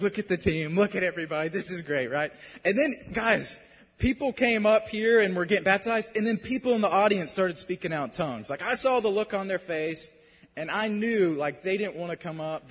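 A man preaching, telling a story in a casual, animated and self-deprecating way. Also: sits high, in a large hall. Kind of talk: sermon storytelling.

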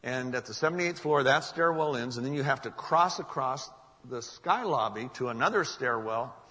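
A man preaching a sermon, telling a story in an earnest, emphatic way and dropping to a hush at solemn moments. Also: medium pitch, lively intonation, moderate pace, big-room sound.

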